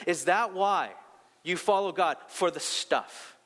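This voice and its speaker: A young man preaches in a big church hall where his voice rings out with a long echo. He speaks in a fairly high register, asking question after question. When a story gets heated, he pushes his pitch even higher. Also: slow. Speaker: pastor. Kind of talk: sermon.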